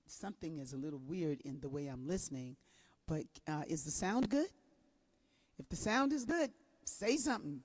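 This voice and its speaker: A woman's voice: low-pitched, darkish tone. A woman hosting a spiritual live stream, chatting affectionately with viewers in a casual way and laughing easily, talking into a home streaming mic. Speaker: host and gospel singer.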